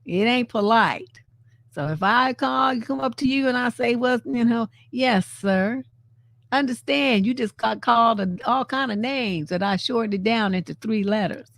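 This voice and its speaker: A woman relationship coach hosting a live stream, talking in a blunt, sassy, profane and animated way. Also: on the high side, moderate pace, vocal fry, no room sound. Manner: animated, laughs often. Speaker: relationship coach and show host. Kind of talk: casual live-stream commentary.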